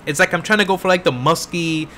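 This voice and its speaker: A man's voice: on the high side, fast, pushed and bright, a little hiss or hum. A young man streaming a story game, rambling with self-deprecating asides, his voice tired. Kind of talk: casual gameplay commentary.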